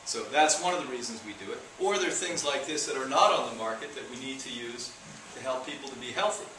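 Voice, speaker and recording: Male health lecturer, animated and wry, caught from a distance in a reverberant room. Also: mid-range voice, quick pace, slight background noise. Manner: animated, joking, mocking asides. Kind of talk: live lecture to an audience. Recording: echoey room, speaker far from mic.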